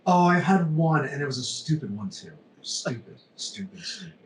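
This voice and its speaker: A man's voice: medium pitch, big pitch swings, normal speed, a little hiss or hum. A man from New Jersey as a podcast guest, talking candidly and laughing at his own mistakes. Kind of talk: casual podcast chat. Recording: roomy, distant mic with faint ambience.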